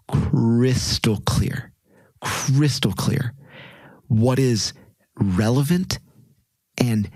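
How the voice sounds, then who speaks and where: In a casual interview, a man in his thirties appears as a podcast guest, speaking earnestly and reflectively with plenty of fillers and restarts. His voice sits lowish with a darkish tone, and there's no echo.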